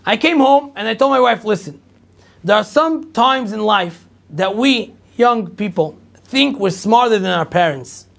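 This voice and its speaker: High-voiced gravelly rabbi. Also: male voice, unhurried. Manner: animated storyteller acting out dialogue, repetitive. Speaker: rabbi lecturer. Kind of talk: storytelling talk to an audience.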